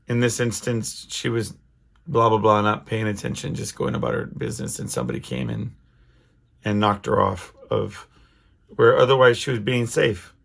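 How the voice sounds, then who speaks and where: A middle-aged podcast host talks alone in a casual, rambling monologue full of restarts and fillers. His voice is on the low side, creaky and a bit bright.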